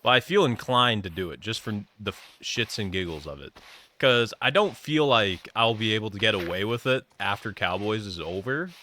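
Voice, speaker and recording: A young male streamer with a fairly low voice and a bright, forceful edge to it. He chats loosely and jokes as he plays, rambling through his stories, and every so often he drifts into a goofy southern drawl. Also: lively intonation, moderate pace, slight background noise. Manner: joking, rambling, often slips into a put-on southern twang. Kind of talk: casual gaming stream chat.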